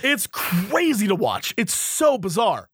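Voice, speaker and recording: A man co-hosting a podcast in casual chat, animated, acting out quotes in different voices. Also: sits high, takes it slowly, breathy edge, dry recording, clean studio sound. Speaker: podcast co-host.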